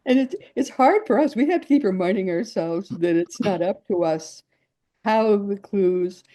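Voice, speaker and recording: Mellow-voiced woman hosting a podcast. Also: mid-range voice, animated, no echo. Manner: encouraging, quick to laugh and agree. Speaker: podcast host. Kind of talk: casual podcast conversation.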